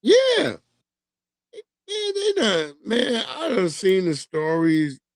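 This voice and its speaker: A man's voice: sits high, huge pitch swings, takes it slowly, no room sound, clean studio sound. A man hosting a livestream, ranting profanely in casual commentary and laughing through it. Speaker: livestream host.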